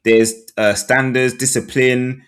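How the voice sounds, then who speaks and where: A man's voice: medium pitch, flat delivery, slow, fairly bright tone, smooth. A man, co-hosting a football podcast in casual chat, earnest, with plenty of ums. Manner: earnest, fillers, talks it through. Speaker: podcast co-host, football fan.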